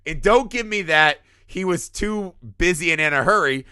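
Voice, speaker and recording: A man's voice: sits high, normal speed, clean tone, no echo, studio quality. A man co-hosting a film podcast, talking casually and profanely and acting out characters. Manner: profane, animated, acts out impressions. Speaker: podcast co-host.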